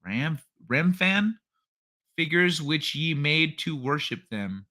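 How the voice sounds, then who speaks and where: Bright-voiced man rambling on a livestream. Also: a little high, lively intonation, takes it slowly. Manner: rambling, thinks aloud, frequent restarts. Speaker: livestream host. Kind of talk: casual chat reading viewer comments.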